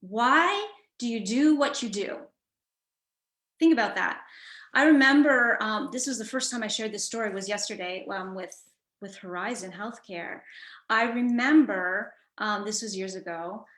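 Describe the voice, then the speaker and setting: A woman's voice: medium pitch, measured pace, fairly bright tone, reverberant. A woman coach telling a personal story in a conversational, reflective way, with frequent fillers and restarts. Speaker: guest coach.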